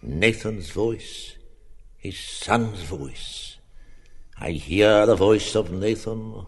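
An actor playing an elderly grieving father, speaking slowly and gravely in a gravelly, husky voice. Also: on the low side, big-room sound, full character voice.

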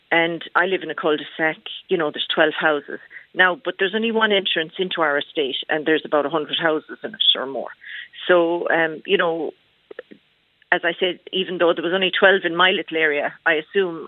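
An Irish woman phones in to a radio show, her low-pitched voice carried over a tinny line with no echo. She talks haltingly, restarting often and using many fillers.

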